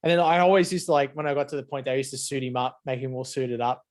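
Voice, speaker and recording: A man's voice: medium pitch, quick pace. A man co-hosting a podcast in laid-back, sweary casual chat, laughing often. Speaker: podcast co-host.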